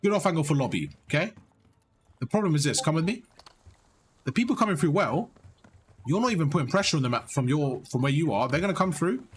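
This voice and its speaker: A young man giving blunt, animated coaching on gameplay, swearing freely as he explains. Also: on the high side, fast talker, long pauses, slight background noise. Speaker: gaming coach. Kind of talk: casual coaching over gameplay.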